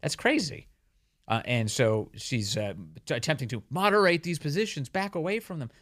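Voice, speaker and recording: A man's voice: fairly high pitch, sing-song, fairly quick, a bit bright. A man hosting a talk radio show, speaking emphatically and mocking opponents with quoted voices.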